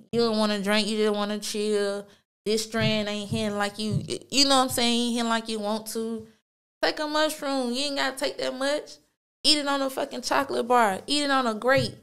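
A woman's voice: a little high, a bit bright, smooth. A woman hosting her own show, telling a story in a laid-back, slangy way, cursing a lot and filling gaps with "like" and "you feel me". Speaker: podcast host. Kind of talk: casual storytelling monologue.

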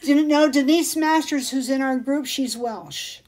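A woman's voice: sits high, unhurried, darkish tone. A woman hosting a casual livestream, chatting in a rambling, digressive way and reading out viewer comments. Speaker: jewelry shop livestream host.

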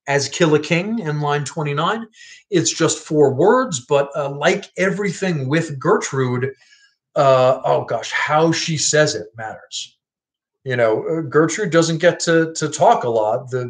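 A man giving a casual, wry explanation of a play, halting often with fillers and restarts. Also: fairly high pitch. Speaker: literature explainer.

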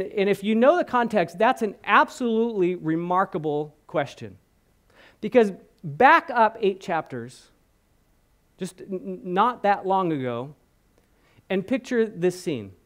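A man preaching a sermon in church, telling a Bible story with animated acted-out quotes and questions to the congregation. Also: high voice, a little slow. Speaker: guest preacher. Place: church hall.

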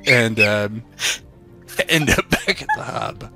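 A man's voice: lowish voice, takes it slowly, gravelly, pauses often, bright, forceful tone, faint music behind. A man narrating a tabletop game as game master, in a loose, laughing way.

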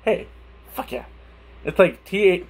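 A man's voice: high-pitched, expressive, measured pace, gravelly, noisy background. Giggly lisping young man. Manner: giggly, swearing, stumbling over words. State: lisping from a burned tongue. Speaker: YouTuber. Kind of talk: casual vlog chat.

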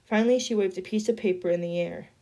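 A woman reading a novel chapter aloud in a steady storytelling voice. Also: mid-range voice, fast talker. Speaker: reader.

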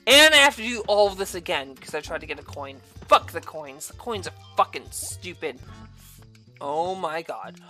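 A woman giving angry gameplay commentary, cursing and yelling in exasperation. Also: lowish voice, expressive, normal speed, faint music behind. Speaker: gaming video creator.

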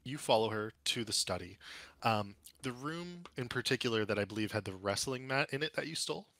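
A man narrating as game master of a tabletop game, relaxed and full of fillers. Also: medium pitch, fairly quick, no room sound.

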